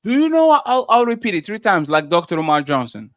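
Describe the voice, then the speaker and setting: A man hosting a live stream, loudly reading out and reacting to chat messages. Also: high voice, a little fast, hardly any pauses, dry recording. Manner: loud, animated, shouts out chatters. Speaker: livestream host.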